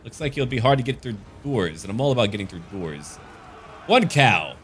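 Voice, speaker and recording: A man's voice: mid-range voice, sing-song, normal speed, fairly bright tone. Goofy man joking over a game. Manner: goofy, jokey, slips into silly voices. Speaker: gaming YouTuber. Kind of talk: casual gameplay commentary.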